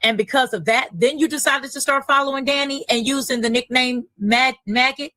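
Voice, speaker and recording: A woman's voice: high voice, moderate pace, pushed and bright, no room sound, low-quality recording. A woman on a livestream recapping a dispute and questioning a guest directly. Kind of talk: casual livestream chat.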